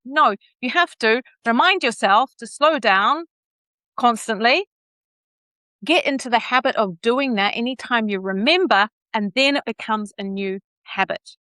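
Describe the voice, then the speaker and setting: Bright, lively Kiwi woman coach. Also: normal speed, no room sound. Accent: New Zealand. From New Zealand. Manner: animated, plays with pitch and pace to demonstrate. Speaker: communications coach, guest. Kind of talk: podcast interview.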